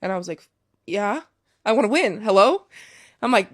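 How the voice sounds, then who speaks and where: A woman's voice: a little high, expressive, a little fast, long pauses, a bit bright. A young woman, a professional soccer player, candidly telling a story in a casual interview, swearing freely and saying "like" a lot.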